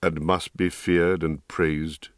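Guy reading as a solemn wizard, deep low voice, slow and heavy, dry close sound. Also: little pitch movement, dry recording. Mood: grave. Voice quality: low, grave and measured. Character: grave, wise middle-aged male mage. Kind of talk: audiobook reading.

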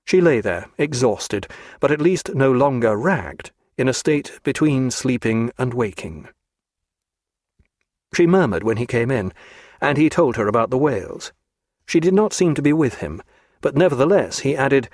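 Measured man reading a novel, dry sound. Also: medium pitch, no echo. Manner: measured, even storytelling. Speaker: audiobook narrator. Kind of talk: scripted narration.

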